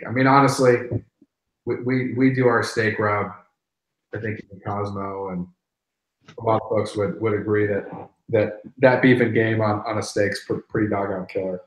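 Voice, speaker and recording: A man's voice: on the low side, reverberant, poor audio. A middle-aged man hosting a barbecue channel, chatting casually and animatedly, often repeating words as he goes. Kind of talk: casual live-stream chat.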